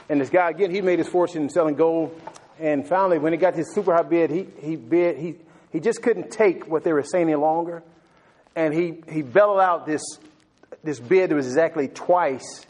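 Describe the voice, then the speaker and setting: A man's voice: fairly high pitch, darkish tone, low-quality recording. A man preaching a sermon and telling a story, talking fervently with frequent stumbling restarts, throwing in "man", and asking the listeners questions.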